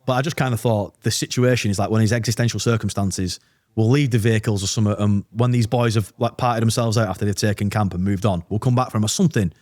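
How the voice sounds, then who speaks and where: Fast-talking blunt British army veteran. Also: male voice, lowish voice, steady tone, a little mellow, dry recording. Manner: blunt, swearing, fast storytelling with quoted dialogue. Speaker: podcast guest, army veteran. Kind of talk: casual storytelling interview.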